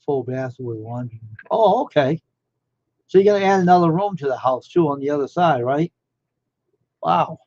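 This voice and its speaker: A man's voice: a little high, expressive, normal speed, pauses often, a little mellow, no room sound. A man chatting casually on a live stream, rambling and amazed, firing off one question after another. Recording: dull lo-fi dry sound.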